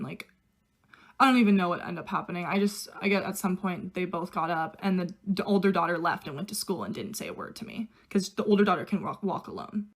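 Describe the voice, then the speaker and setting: A woman's voice: medium pitch, brisk. A young woman chatting casually through a get-ready-with-me storytime, filling every sentence with "like" and quoting others in her own voice. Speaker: au pair telling a story.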